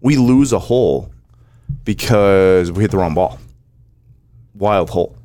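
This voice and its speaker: A man in casual chat, animatedly recounting a match shot by shot. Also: sits low. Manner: animated storyteller, rapid play-by-play recounting.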